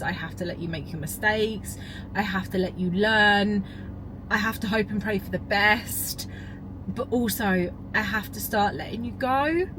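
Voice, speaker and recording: A woman's voice: medium pitch, noisy background. A woman, talking candidly and emotionally to camera in a casual vlog. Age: 30s. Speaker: vlogger. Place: in a parked car and at the gym.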